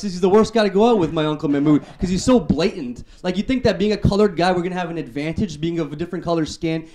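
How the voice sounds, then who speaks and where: A young man from Canada works through a stand-up set, his voice sitting a little high. He snaps out one-liners with confident timing. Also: dark tone. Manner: punchy one-liner delivery. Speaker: stand-up comedian.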